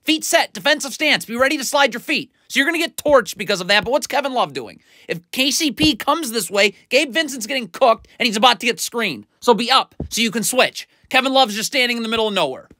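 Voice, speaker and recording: A man's voice: very high voice, expressive, fairly quick, hardly any pauses, sharp tone, no echo. A man doing a blunt, exasperated video breakdown of basketball defense, scolding the players as he talks. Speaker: basketball film analyst.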